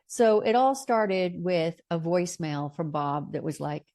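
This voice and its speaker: A middle-aged woman telling a personal story in an earnest, expressive way, partly reading aloud from her own notes. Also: lowish voice, a little slow. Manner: earnest, expressive, with bright lifts into quoted lines. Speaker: storyteller sharing a personal memoir.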